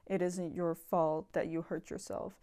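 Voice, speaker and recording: Earnest young woman, warm reassuring voice. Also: on the low side, little pitch movement, a little slow. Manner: earnest, reassuring, repetitive, casual swearing. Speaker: self-improvement vlogger. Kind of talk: casual monologue to camera.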